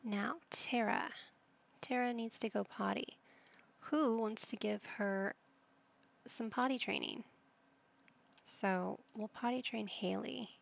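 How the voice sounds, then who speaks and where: A woman's voice: a little high, fairly even intonation, takes it slowly, creaky, pauses often. A woman giving casual let's-play commentary, playful and motherly, with silly made-up words. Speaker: gaming video host.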